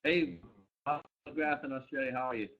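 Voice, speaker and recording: A man's voice: mid-range voice, fairly even intonation, moderate pace. A man co-hosting a live company webcast, upbeat, greeting viewers by name and location. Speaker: company co-founder hosting a live product training. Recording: dull lo-fi webcast audio.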